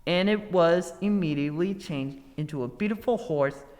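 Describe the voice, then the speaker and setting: A man reading a fairy tale aloud as a storybook narrator, expressive and unhurried. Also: a little high, big-room sound, poor audio. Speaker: story reader.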